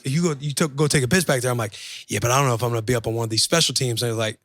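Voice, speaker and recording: A young man, a football player, telling an animated, profane story in casual podcast chat and acting out the voices in it. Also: mid-range voice, very fast, dry recording.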